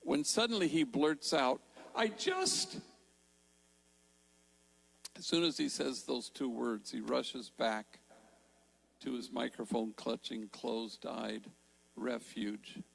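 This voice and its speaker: An older man giving a storytelling talk in a large church, slowing down to stress key words. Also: medium pitch, gravelly, low-quality recording. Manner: warm storytelling, slows for emphasis. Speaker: Jesuit priest and speaker.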